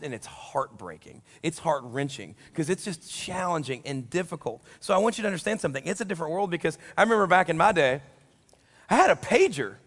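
Joking preacher in a big echoing hall. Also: male voice, high-pitched. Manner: animated, joking, acts out quotes. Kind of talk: sermon. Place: large church hall during a service. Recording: long reverb of a large hall.

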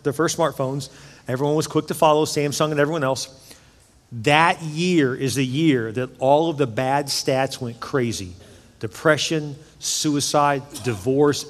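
A middle-aged man preaching a sermon as pastor, emphatic and conversational, with jokes in between. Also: mid-range voice. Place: church sanctuary. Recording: long church-hall reverb.

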